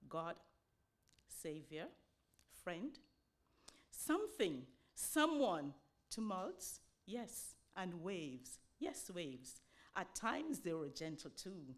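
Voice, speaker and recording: Slow, solemn woman reciting poetry. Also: fairly low pitch, very animated. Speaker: poetry reader. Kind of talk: dramatic poetry reading.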